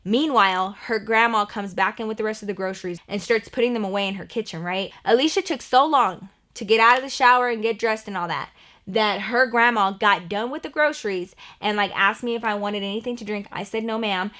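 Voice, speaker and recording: A young woman vlogger telling a personal story in a chatty, animated way, full of "like" fillers. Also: mid-range voice, fairly quick. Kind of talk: storytime vlog narration.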